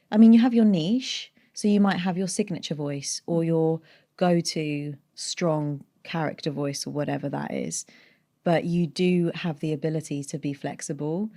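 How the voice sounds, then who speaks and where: Low, mellow-voiced British woman. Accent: neutral British with a North London tinge. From North London. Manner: thoughtful, explains at length with restarts. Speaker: voiceover artist guest. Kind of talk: casual interview chat.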